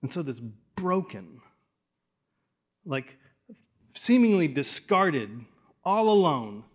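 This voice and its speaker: A man preaching a sermon in a conversational way, restarting phrases and dropping to a hush for weight. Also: on the high side, sing-song, slow. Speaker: pastor.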